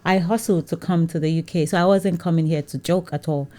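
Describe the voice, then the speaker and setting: Woman, from Nigeria, lowish voice, entrepreneur guest, conversational storytelling, lively, laughs often. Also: a little fast. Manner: lively, laughs often, acts out what others said.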